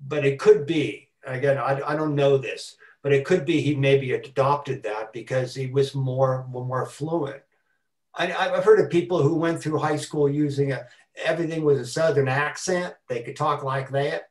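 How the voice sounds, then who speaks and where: A man's voice: medium pitch, reverberant, distant mic. Older man speaking with stuttering restarts. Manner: halting, repeats words with stuttering restarts. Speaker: guest speaker. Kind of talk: talk with Q&A on a video call. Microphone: video call.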